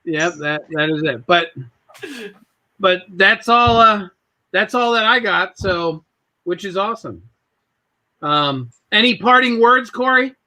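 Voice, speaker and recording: A man with a high, bright voice, chatting casually as a show host. He rambles through a long anecdote, slipping into other people's voices as he quotes them. His talk is loose and full of restarts. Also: lively intonation, slow pace, pauses often. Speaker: podcast host. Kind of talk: casual storytelling chat.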